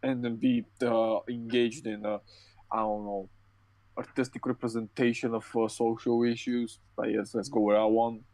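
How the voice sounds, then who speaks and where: A man's voice: medium pitch, level tone, moderate pace, warm tone, no room sound. A tired young man in a dry, close recording rants on a podcast. He swears freely, stumbles and restarts his sentences, and works himself up as he complains. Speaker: podcast co-host. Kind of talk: casual chat.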